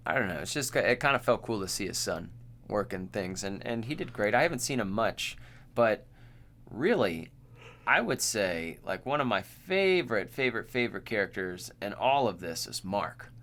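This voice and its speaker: A laid-back man co-hosting a podcast, chatting loosely. His pitch swings widely and lively as he talks. He laughs often and slips into quoted lines. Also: moderate pace. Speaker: podcast co-host. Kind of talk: casual chat.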